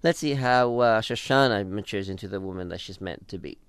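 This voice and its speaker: This man's voice sits on the low side, runs a little fast, and sounds smooth with no room sound. Co-hosting a casual talk show, he enthusiastically discusses a TV episode, performing quoted lines in different voices.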